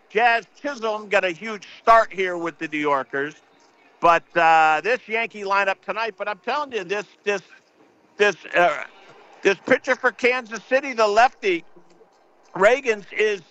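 A man's voice: sits high, bright, forceful tone. An older man hosting a late-night sports radio show, rambling casually with lots of fillers and repeats. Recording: slightly dull broadcast audio.

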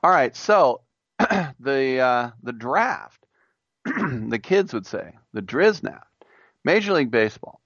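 A man's voice: mid-range voice, sing-song, slow pace, creaky, a bit bright, no echo, lo-fi sound. A man hosting a sports talk radio show, chatting in a rambling, jokey way. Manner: rambling, jokey, does impressions of announcers.

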